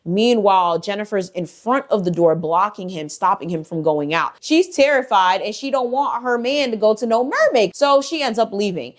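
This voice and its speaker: Casual woman telling a spooky story. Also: mid-range voice. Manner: conversational and profane, many "like" fillers. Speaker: YouTube storyteller.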